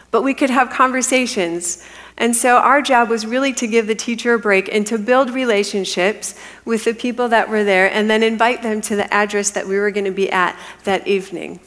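A middle-aged woman giving a testimony as a sermon, telling her story earnestly and dropping into a hushed whisper for the quiet moments. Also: medium pitch. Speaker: women's ministry speaker. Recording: long hall reverb.

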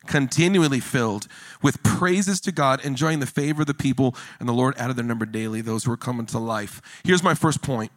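A man preaching a sermon in a church, animated and jokey, building emphasis as he goes. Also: medium pitch, fairly quick, dry recording. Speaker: pastor.

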